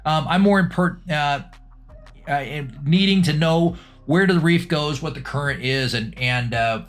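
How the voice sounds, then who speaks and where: A man's voice: on the high side, a little slow, faint music behind. A middle-aged man, a scuba instructor, chatting through a dive review with lots of ums and restarts. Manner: casual, chatty, with many fillers and restarts.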